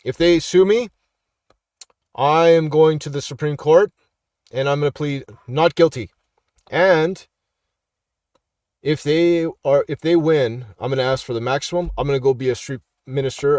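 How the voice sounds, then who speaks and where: A man's voice: mid-range voice, moderate pace, a little mellow, dry recording, clean studio sound. A middle-aged man, a street minister, chatting casually as he reads posts aloud and keeps asking "all right?" in a preachy way. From Canada. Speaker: street minister and YouTube commentator. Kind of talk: casual live commentary reading online posts.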